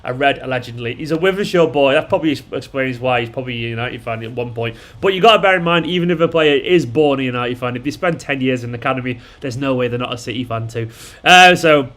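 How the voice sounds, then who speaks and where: A man's voice: mid-range voice, quick pace, hardly any pauses, fairly bright tone. A man, chatting casually and rambling as the host of a live watchalong and answering viewers' messages. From Manchester, England. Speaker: fan channel host.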